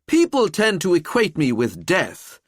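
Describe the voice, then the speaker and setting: A male narrator voicing a living skeleton detective who talks in a wry, chatty, calm way. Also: mid-range voice, measured pace, dry recording, studio quality, pitched above the performer's own voice.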